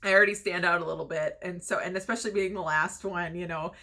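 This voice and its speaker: Chatty young woman with a bright voice. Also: lowish voice, steady tone, quick pace. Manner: chatty, laughs often, many fillers. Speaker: vlogger telling her story. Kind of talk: casual storytelling.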